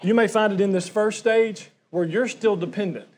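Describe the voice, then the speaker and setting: A man's voice: sits high, normal speed. A middle-aged man preaching a sermon to his congregation in a conversational way, often asking them questions. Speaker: pastor.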